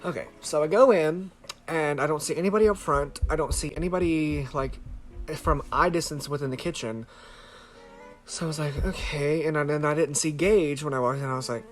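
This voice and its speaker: A man with a slightly high voice vlogs at normal speed, holding the camera close to his face, with soft music in the background. He tells a story casually and ramblingly, swearing freely and filling gaps with "like."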